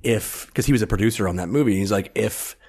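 A man's voice: fairly low pitch, fast talker, a little mellow, husky. A man co-hosting a podcast, chatting casually about a movie with short agreeing replies and easy chuckles. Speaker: podcast co-host.

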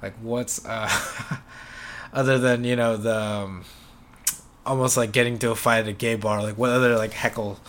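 A man's voice: medium pitch, steady tone, normal speed, fairly bright tone. A man hosting a casual podcast interview, easygoing and agreeable, often answering with a short "yeah" and musing aloud in loose sentences. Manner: easygoing, agreeable, frequent backchannel yeahs. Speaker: podcast host.

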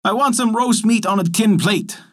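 A man voicing a greedy, demanding male frog in a storybook tale, shouting and croaking his orders. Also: sits high, moderate pace, pitched above the performer's own voice. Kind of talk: storybook character voice.

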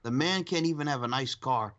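A man co-hosting a casual wrestling podcast, talking in an animated way and laughing often. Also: a little fast, muffled recording. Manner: animated, laughs often, acts out quotes in a high voice. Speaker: podcast co-host.

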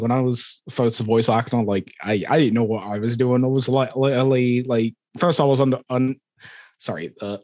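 A young man in his twenties, from Scotland, with a Scottish accent. He chats as an interview guest in an easygoing way. His voice sits at a middle pitch and is recorded dry and close. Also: a little mellow, no echo. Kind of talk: casual interview chat.

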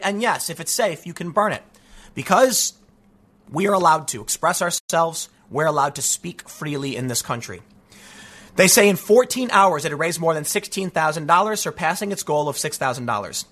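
Fired-up male commentator, high voice. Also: animated, a little fast, a bit bright. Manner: emphatic, repeats phrases, casual address. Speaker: political commentator. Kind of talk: news commentary rant.

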